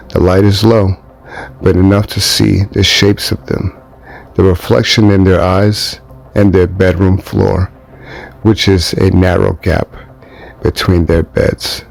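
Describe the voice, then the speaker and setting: A man narrating an eerie first-person story in a calm, measured way. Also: low-pitched, vocal fry, slightly rough. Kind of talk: slow scripted narration of an eerie true story. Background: music bed.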